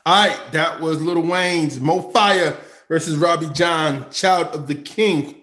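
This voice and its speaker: A man hosting a casual music show, relaxed and slangy, laughing easily. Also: fairly high pitch, takes it slowly, roomy sound. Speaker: show host. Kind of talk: casual chat.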